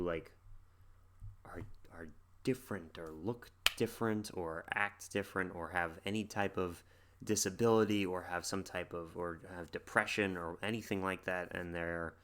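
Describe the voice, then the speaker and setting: A man's voice: sits low, fairly bright tone. A man hosting a music reaction video, thinking aloud in a rambling, casual way with many fillers. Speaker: music reaction channel host.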